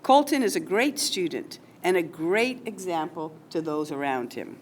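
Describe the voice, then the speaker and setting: A woman's voice: lowish voice, lively intonation, normal speed, slight background noise. A woman running a school award ceremony, chatty and informal, reading teacher nominations aloud. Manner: chatty, informal asides with fillers. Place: school hall or classroom.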